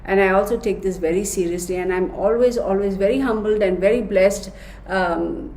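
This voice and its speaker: A woman's voice: medium pitch, normal speed, a little mellow, roomy sound, slight background noise. A woman giving a casual, chatty tarot reading, talking straight to her viewers with affection. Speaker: tarot reader.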